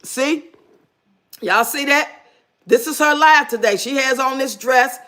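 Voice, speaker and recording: A woman's voice: sits high, unhurried, a bit bright. A woman giving blunt, sarcastic reaction commentary on a clip. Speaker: commentary streamer.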